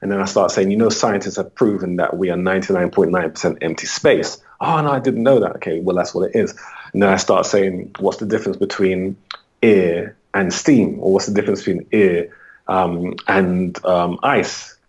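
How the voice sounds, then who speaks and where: A man's voice: normal speed, husky, muffled recording. A man from the UK, a holistic coach, answering interview questions and acting out his talks with clients. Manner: acts out client dialogue with rising pitch.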